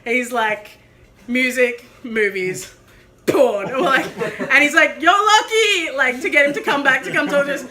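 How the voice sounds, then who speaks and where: Bright high-voiced woman telling a story. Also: moderate pace. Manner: animated, laughing, acts out quoted people. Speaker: vlogger. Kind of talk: casual storytelling chat.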